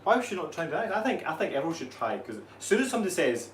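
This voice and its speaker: A man's voice: a little high, rapid-fire. A Scottish man who coaches fitness and co-hosts a live stream, chatting casually and joking with his co-host. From Scotland. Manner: relaxed, joking, laughs often. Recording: echoey room, mic at a distance, faint noise.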